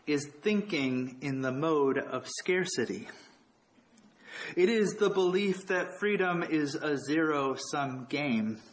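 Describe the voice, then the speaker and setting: A man giving a relaxed, reflective sermon with touches of humor. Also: on the high side, takes it slowly, a little hiss or hum, rough recording. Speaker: preacher. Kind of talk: conversational sermon.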